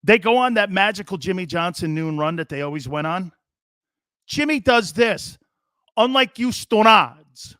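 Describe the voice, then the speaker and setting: High, bright-voiced sports show host. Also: male voice, moderate pace, dry recording, clean studio sound. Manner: animated, joking, does voices, laughs a lot. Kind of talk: sports radio talk.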